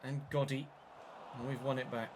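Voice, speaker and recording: A man commenting casually on his own football video game career, chatty and excitable, with mild swearing. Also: medium pitch, moderate pace, background noise. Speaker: gaming YouTuber.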